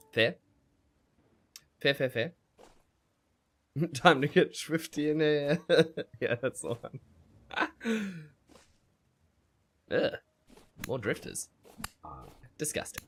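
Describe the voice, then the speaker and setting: A man's voice: medium pitch, a little hiss or hum. A man streaming a survival game, chatting with viewers and narrating his fights with lots of laughter. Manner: animated, laughs often, talks to himself. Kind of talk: gameplay commentary with chat reading.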